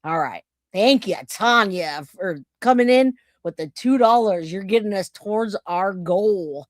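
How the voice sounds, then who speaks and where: A man's voice: high voice, unhurried, no room sound. Chatty man hosting a true-crime stream, dry close sound, thanks his chat by name. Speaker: livestream host. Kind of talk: casual true-crime livestream.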